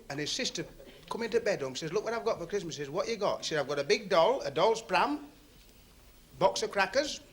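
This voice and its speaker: A man doing club stand-up comedy, chatting and teasing the audience and laughing at his own jokes. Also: high-pitched. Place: working men's club stage on TV. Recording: noisy 1970s TV recording, laughing club crowd.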